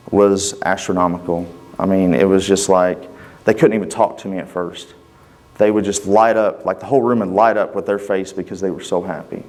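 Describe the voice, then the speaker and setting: A man's voice: fairly low pitch, a little mellow. A man, a father, giving a personal testimony to a congregation, telling his story casually in plain, folksy speech and acting out the conversations. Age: adult father. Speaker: church member giving a testimony.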